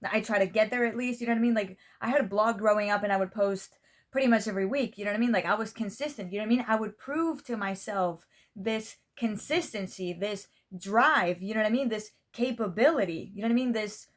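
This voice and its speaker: A woman's voice: medium pitch, fast talker. A young woman from Spain, a native Spanish speaker, speaks English with an American-style accent. Her vlog talk to the camera is casual and meandering. She keeps looping back to "you know what I mean" and swears without a second thought. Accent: American-style English pronunciation. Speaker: vlogger.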